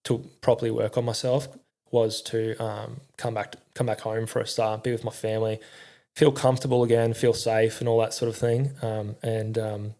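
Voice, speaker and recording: A young man speaks in a gravelly, mellow voice with little rise and fall. He tells his story candidly in an interview. His speech is halting and full of fillers, with frequent swearing. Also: on the low side, level tone. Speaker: podcast guest, army veteran.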